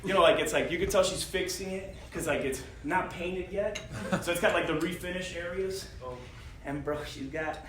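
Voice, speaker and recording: A man casually telling a story on a podcast, animated and profane, laughing often as he talks. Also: high voice, moderate pace, slight background noise. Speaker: podcast host. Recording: echoey room with loud crowd chatter.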